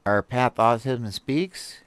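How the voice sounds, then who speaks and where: A man hosting a stream and reading articles aloud, rambling and animated, with many fillers, restarts and laughs. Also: mid-range voice, slow, clear, resonant tone, dry recording. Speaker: host reviewing articles. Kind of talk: casual commentary on a live stream. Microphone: desk mic with a stream deck.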